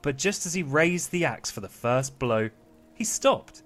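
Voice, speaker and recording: A man's voice: on the high side, lively intonation, measured pace, a bit bright. Playful man reading a bedtime story. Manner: mock-fatherly, giggly. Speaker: podcast co-host.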